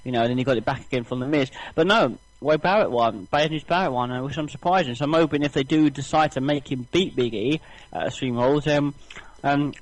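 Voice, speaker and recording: A man's voice: medium pitch, quick pace, few pauses, no room sound, poor audio. A tired, slightly ill man recapping wrestling on a casual podcast, rambling with many fillers and restarts. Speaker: podcast co-host.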